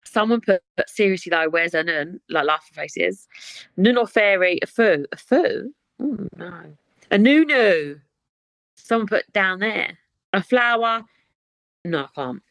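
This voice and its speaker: A woman's voice: fairly low pitch, expressive, measured pace, creaky, a bit bright, no room sound. A woman, hosting a podcast in casual chat, chatty and given to dramatic reactions. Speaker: podcast host.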